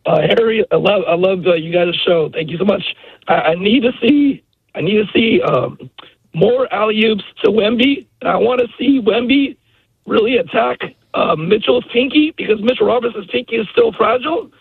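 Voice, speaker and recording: A hoarse man calling in to a sports radio show, halting and full of fillers. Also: sits high, no room sound. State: hoarse, lost voice. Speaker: caller. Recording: tinny phone line.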